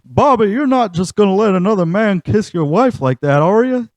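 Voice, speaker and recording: A man's voice: high voice, expressive, normal speed, a little mellow, dry recording, voice pushed up. A man voicing an uptight, easily scandalized middle-aged cartoon dad who exclaims in prim, flustered outbursts.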